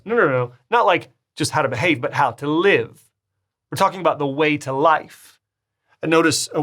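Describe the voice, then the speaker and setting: A man teaching a recorded Bible study lecture in a conversational way. He corrects himself mid-sentence and rises in pitch to stress key phrases. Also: a bit bright. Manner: conversational, with restarts and self-corrections; emphatic, rising on key phrases.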